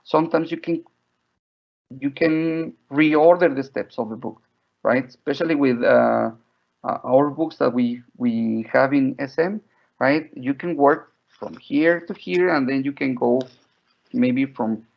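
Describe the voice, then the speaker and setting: Gravelly man teaching teachers. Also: medium pitch, unhurried. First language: Spanish. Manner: chatty, frequent "right?" and "like". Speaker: teacher trainer. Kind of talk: online teacher training webinar. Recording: dull lo-fi audio.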